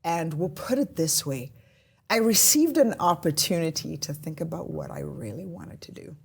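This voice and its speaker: A woman's voice: sits low, big pitch swings, normal speed, husky. A woman in her forties from South Africa, a police constable telling her story as a podcast guest in a candid, reflective way. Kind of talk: casual podcast interview.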